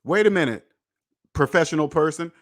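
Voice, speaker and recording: A man hosting a personal finance podcast in an emphatic, preachy monologue, repeating points and swearing, swinging between loud jabs and low muttered asides. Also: brisk. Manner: emphatic, preachy, repetitive, with profanity. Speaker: podcast host.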